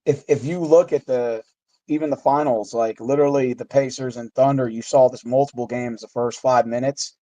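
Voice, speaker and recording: A man's voice: medium pitch, steady tone, moderate pace, dark tone, dry recording, rough recording. A man on a casual sports radio panel who rambles and fills his talk with "like" and "literally.". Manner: rambling, uses "like" and "literally" often.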